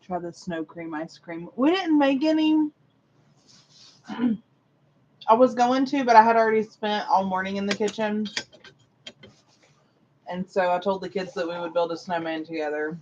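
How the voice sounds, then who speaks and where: A woman's voice: medium pitch, steady tone, normal speed, pauses often, darkish tone. A woman chatting casually alongside the host, chatty, giggly and teasing. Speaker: host's wife, off-camera co-host. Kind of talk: casual chat. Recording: dull lo-fi audio with faint noise.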